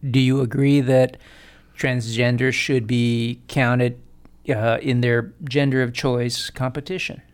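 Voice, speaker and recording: A man co-hosting a casual sports podcast, animated and laughing, swearing freely and stumbling through restarts. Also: medium pitch, slow pace, smooth. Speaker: podcast co-host.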